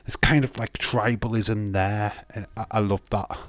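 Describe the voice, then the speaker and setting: A man from Yorkshire, England hosts a live watch-along, his voice fairly low and steady at a normal speed, with no echo. He reacts casually, chatty and opinionated, laughing often as he moves between topics.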